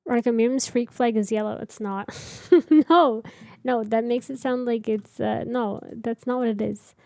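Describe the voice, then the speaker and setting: A woman's voice: on the high side, steady tone, normal speed, gravelly, darkish tone, no echo. A young woman streamer chatting casually with her viewers while building in a game, rambling and answering chat.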